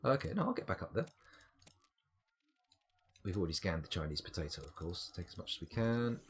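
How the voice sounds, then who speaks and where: Middle-aged gaming streamer, low voice with lively swings, playful running commentary, light music bed. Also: male voice, fairly quick, slight background noise. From United Kingdom. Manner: chatty, playful, talks to game creatures and himself. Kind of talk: live gameplay commentary.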